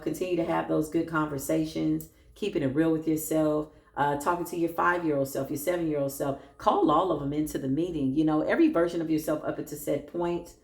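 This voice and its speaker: A woman giving a motivational spiritual talk, speaking in lively affirmations and calling out to her listeners. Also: low voice. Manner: animated, affirming, calls out to the audience. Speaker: spiritual practitioner.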